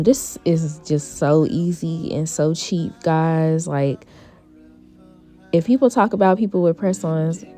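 A woman giving a chatty, relaxed tutorial voice-over as a beauty vlogger, full of casual fillers. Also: deep voice.

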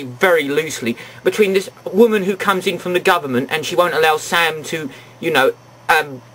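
A man's voice: fairly high pitch, a bit bright. A man giving a ranting, sarcastic film review in an exasperated tone.

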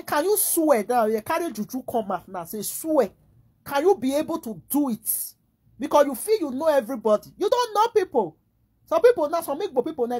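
Husky animated Nigerian woman. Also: high voice. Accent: Nigerian Pidgin English. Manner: animated, rhetorical, rambling. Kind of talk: casual monologue vlog.

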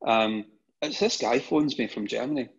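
A man's voice: medium pitch, normal speed, husky. A middle-aged Scottish man, a guest on an interview show, telling stories casually and often repeating words at the start of his phrases. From Scotland. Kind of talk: casual anecdotal storytelling. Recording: dull lo-fi recording.

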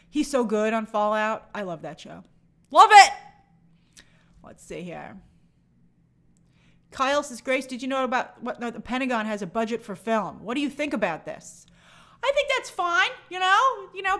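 A woman hosts a casual live stream, reading out viewer comments and answering each with quick, chatty opinions. Her voice is fairly high and strikingly bright. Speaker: movie channel host answering viewer questions.

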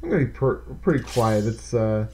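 Excitable man rambling through gameplay commentary. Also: medium pitch, fairly quick, a little hiss or hum. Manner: excitable, rambling, talks straight to viewers. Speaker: let's play host.

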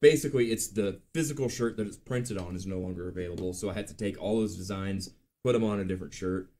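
A man in his late thirties hosting a live show, telling stories in a chatty, animated way with lots of ums and uhs. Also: low-pitched, fast talker, a little hiss or hum. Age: late 30s. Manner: chatty, animated storytelling with filler words. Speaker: podcast host. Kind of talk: casual live-stream chat.

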